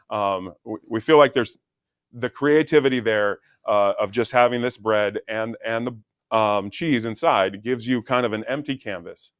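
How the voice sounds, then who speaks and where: A man's voice: mid-range voice, clear, resonant tone, dry recording, studio quality. A man who is an executive chef, answering easygoing questions as a guest on a TV interview. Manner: easygoing, with fillers and restarts.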